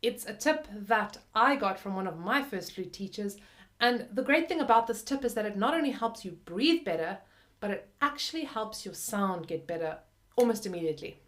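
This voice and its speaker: A young adult woman gives a flute lesson in a friendly, chatty voice. She talks loosely, with "like" and "kind of" scattered through her explanations. Her pitch sits in the middle range. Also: lively intonation, normal speed. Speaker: flute teacher. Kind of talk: video lesson.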